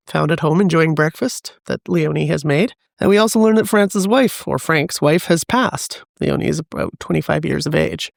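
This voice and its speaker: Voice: medium pitch, vocal fry, dry recording, clean studio sound. A podcast co-host chatting casually about a novel and reading passages aloud with a laugh. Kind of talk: casual book discussion.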